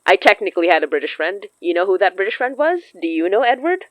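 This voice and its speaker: A woman's voice: medium pitch, very animated, no echo. Woman, podcast co-host, casual chat, laughs often, dry, slightly muffled. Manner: laughs often, quick and chatty. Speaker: podcast co-host, audio drama creator.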